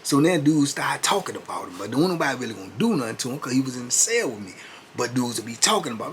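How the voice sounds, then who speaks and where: A man's voice: medium pitch, very animated, fast, a little hiss or hum. A man in his fifties telling a story in a laid-back, conversational way, full of "you know what I'm saying". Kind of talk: casual storytelling.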